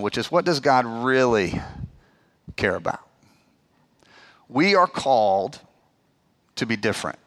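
A man preaching a sermon in a conversational, animated way, dropping to low, quiet emphasis on key points. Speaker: pastor.

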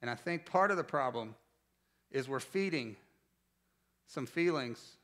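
Animated preacher man, bright and forceful. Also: mid-range voice, measured pace. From North Carolina, US. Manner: conversational storytelling, animated, asks the congregation questions. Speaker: pastor. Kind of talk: sermon.

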